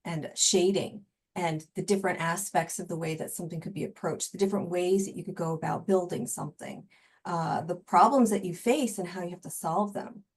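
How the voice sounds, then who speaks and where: Woman, 40s, coach as podcast guest; slightly low pitch, reflective and thoughtful. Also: fairly quick, a little mellow, husky. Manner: reflective, thoughtful, many fillers. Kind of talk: casual interview conversation.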